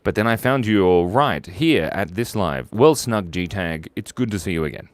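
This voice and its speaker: Sketching on a laid-back live stream, a man with a deep voice keeps things playful, firing off jokes and reading out viewers' names and shout-outs. He talks at normal speed, his pitch swinging up and down all the time.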